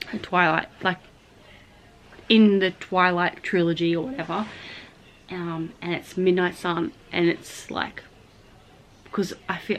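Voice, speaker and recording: A woman's voice: on the low side, slight background noise. An Australian woman in her thirties chatting casually to a phone camera in her bedroom at night, rambling with lots of fillers. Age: 30s. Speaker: vlogger. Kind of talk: casual chat.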